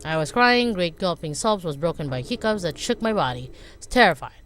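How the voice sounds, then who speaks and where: A woman's voice: on the low side, sing-song, brisk, fairly bright tone, a little hiss or hum. A woman reading a game's first-person narration as a frightened, desperate young woman. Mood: terrified. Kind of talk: game text read aloud.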